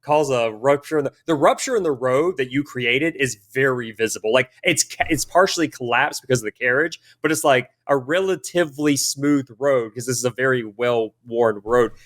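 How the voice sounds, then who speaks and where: A man's voice: mid-range voice, normal speed, hardly any pauses, fairly bright tone. Man rambling as game master. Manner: rambling, many restarts and fillers while describing. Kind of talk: narrating a tabletop game.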